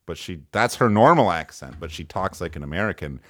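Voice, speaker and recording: A man's voice: deep voice, sing-song, moderate pace, few pauses, a bit bright, no room sound, clean studio sound. A man hosting a comedic podcast, playful and mock-dramatic, quizzing his co-host. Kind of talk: casual comedic podcast chat.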